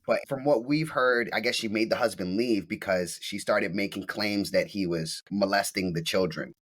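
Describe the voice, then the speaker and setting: A man's voice: on the low side, moderate pace, a bit bright. A man speaking as a podcast guest, telling a story bluntly and emphatically, with plenty of swearing. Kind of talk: casual storytelling.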